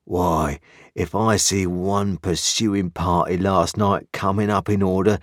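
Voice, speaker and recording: A man voicing a ragged, starving escaped convict with gruff, rough country speech. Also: deep voice, fairly even intonation, takes it slowly, dry recording, studio quality. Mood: haunted. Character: ragged, starving, hunted older male convict.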